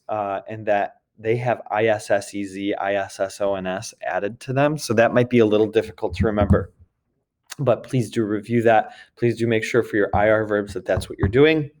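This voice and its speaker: A man teaching a recorded grammar lesson, patiently repeating points and checking in with his students as he goes. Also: on the low side. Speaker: French teacher.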